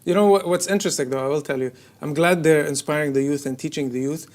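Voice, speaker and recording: A man from the UAE, a stand-up comedian, chatting casually on a podcast, joking and laughing often. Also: on the high side. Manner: jokey, laughs often, does quick voices.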